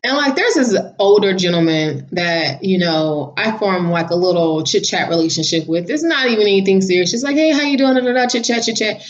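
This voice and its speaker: A woman vlogging casually, telling a story in a chatty, animated way and laughing now and then. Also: medium pitch, fairly quick, hardly any pauses. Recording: slightly dull lo-fi audio.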